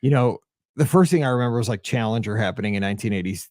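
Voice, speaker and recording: A man's voice: fairly low pitch, racing, a little mellow, dry recording, studio quality. A man in his forties hosting a solo podcast, chatty and sentimental, rambling through feedback and memories. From Midwest of the US. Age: 40s. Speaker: podcast host.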